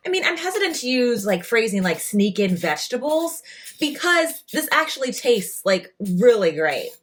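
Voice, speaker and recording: A woman's voice: a little high, very animated, moderate pace. Woman, chatty and filler-heavy, home kitchen, casual cooking vlog. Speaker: food vlogger.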